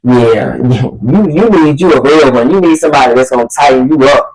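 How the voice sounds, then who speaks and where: A woman voicing a pushy, smooth-talking young man on a date, with an easygoing, coaxing drawl. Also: rumbling low, a little fast, a little mellow, poor audio. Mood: smug.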